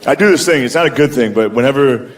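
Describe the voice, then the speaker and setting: A man's voice: mid-range voice, fast talker. A man in his thirties doing a stand-up set, telling profane, self-mocking stories on a comedy club stage. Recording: echoey venue, loud crowd and noise. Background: audience laughter.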